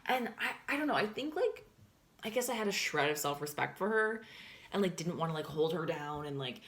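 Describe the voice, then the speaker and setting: A young woman tells a story to camera in a loose, rambling chat, piling on fillers and the odd swear word. Her voice sits a touch lower than most women's. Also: expressive, brisk, fairly bright tone. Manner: chatty, filler-heavy with constant "like", swears and laughs. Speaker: vlogger.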